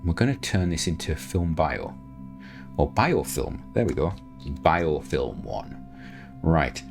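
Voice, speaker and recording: A man speaks in an exceptionally deep voice as he narrates his own gameplay. He thinks aloud, mocks his own choices and often restarts his sentences. Soft music plays faintly underneath. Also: very animated, slow, creaky. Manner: chatty, self-mocking, thinks aloud with many restarts. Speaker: gameplay commentator. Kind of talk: casual gameplay commentary.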